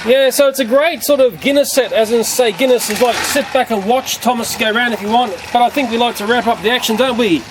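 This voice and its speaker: A man casually reviewing a toy train set in a playful way, often breaking into excited shrieks. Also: extremely high pitch, brisk, few pauses, background noise.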